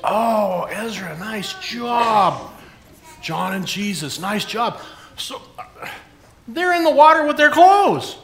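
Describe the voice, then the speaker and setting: A pastor leads a children's sermon with a high, bouncy voice that swings widely in pitch. He peppers the kids with questions and encouragement. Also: very animated, slow, a bit bright, echoey room, slight background noise.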